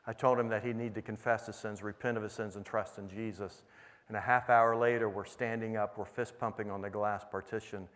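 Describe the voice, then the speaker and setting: A man's voice: lowish voice, fairly bright tone. A middle-aged man preaching, earnestly retelling a conversation with a young inmate as a testimony. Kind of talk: sermon storytelling. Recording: long hall reverb.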